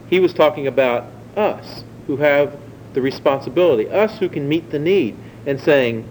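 A man delivering a sermon in a conversational teaching manner, often asking his listeners questions. His voice sits a bit higher than most men's but sounds mellow and dark. A faint low rumble runs under the recording. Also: poor audio. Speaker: preacher.

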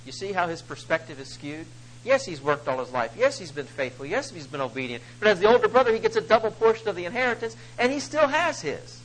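A male preacher giving an emphatic sermon, swinging between loud stresses and soft asides. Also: sits high, big pitch swings, fast talker, low-quality recording.

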